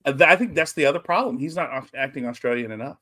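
Man, lively chatty co-host, brisk bright voice, casual podcast talk. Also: mid-range voice. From South Louisiana. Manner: animated, drops into mock Cajun voices. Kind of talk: casual wrestling chat.

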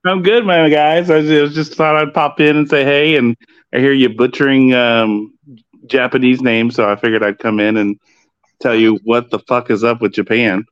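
A man's voice: medium pitch, steady tone, normal speed, smooth, no echo, muffled recording. A man joining a casual wrestling chat who explains things in a laid-back, profane way. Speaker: podcast guest on wrestling.

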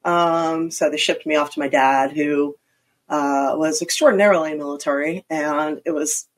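A middle-aged woman from Philadelphia, chatting as an interview guest with quick, self-mocking asides. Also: low voice, steady tone. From Philadelphia area, US. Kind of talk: casual interview chat.

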